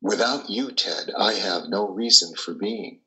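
A cold visionary transhuman leader speaks slowly and solemnly. His voice sits deep and low, with a bright edge, as he urges the others on. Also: poor audio. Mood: persuasive. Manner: solemn, persuasive, measured. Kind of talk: audio drama reading.

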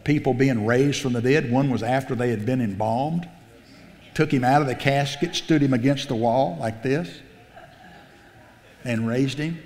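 A man preaching a sermon in a church sanctuary, his voice ringing through a long hall reverb. He sits at a middle pitch and keeps a folksy, animated delivery, acting out the quotes and restarting his phrases. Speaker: pastor.

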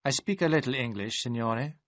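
A man voicing a polite, worried male servant at a villa, speaking formally with careful, halting phrasing. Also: mid-range voice, a bit bright, no echo, close to an everyday voice. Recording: dry, slightly dull audio.

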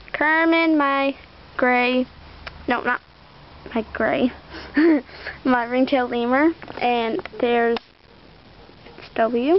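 A woman's voice: sits high, dull audio, a little hiss or hum. Chatty girl rambling through a show-and-tell. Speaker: vlogger showing a toy collection. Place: outdoors.

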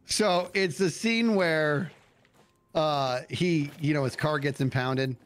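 A man chatting excitedly as a guest co-player on a stream, telling stories with lots of "dude". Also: a little high, slow pace, a little hiss or hum. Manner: animated storyteller, bouncy, says dude a lot. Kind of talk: casual gaming chat.

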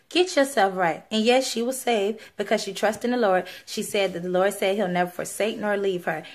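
A young woman speaking, giving an earnest, pleading personal testimony on video with many fillers. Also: medium pitch. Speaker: vlogger sharing a religious testimony.

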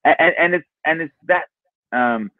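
A man's voice: fairly high pitch, normal speed, no room sound. Australian man telling stories over a thin line. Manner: animated storyteller, frequent restarts. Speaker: guest, former footballer. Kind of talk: casual anecdote telling. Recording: phone-like line, dry.

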